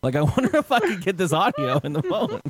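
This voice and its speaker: Animated storytelling man, laughing a lot. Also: high voice, fast talker, a crowd in the background. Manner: animated, laughing, acts out quotes loudly. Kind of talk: casual storytelling chat.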